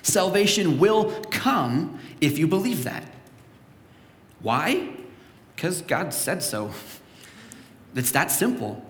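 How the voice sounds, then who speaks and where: A man's voice: a little high, sing-song, slow pace, long pauses. Young male pastor preaching in an echoey hall. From Canada. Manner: storytelling, acts out quoted voices. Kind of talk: sermon. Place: church sanctuary. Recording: echoey church hall with long reverb.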